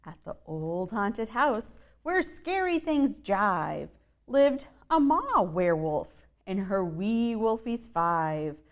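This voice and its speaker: Reading a children's picture book aloud, a woman goes very slowly, her middle-register voice rising and falling widely. She delivers the rhymes in a sing-song way, with playful asides, and pauses to ask her young listeners questions.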